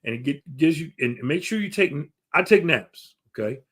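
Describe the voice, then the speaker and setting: A man's voice: fairly high pitch, animated, moderate pace, fairly bright tone, breathy edge. Earnest man giving grief advice. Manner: earnest, repetitive, many fillers and restarts. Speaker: grief counselor. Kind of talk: advice talk to camera.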